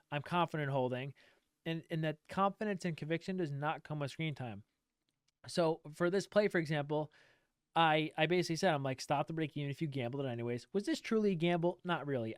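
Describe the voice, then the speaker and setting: A man's voice: a little high, clean tone, no echo, studio quality. A trading streamer talking straight to his viewers in an emphatic, repetitive rant, swearing casually. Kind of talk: direct-to-camera rant.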